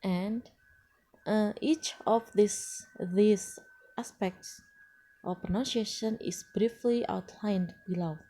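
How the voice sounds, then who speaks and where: A woman, not a native English speaker, lecturing on English pronunciation with frequent pauses and restarts. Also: mid-range voice, mellow. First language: Indonesian. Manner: slow and hesitant, frequent uh fillers and restarts. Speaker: English teacher. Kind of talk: lecture presentation.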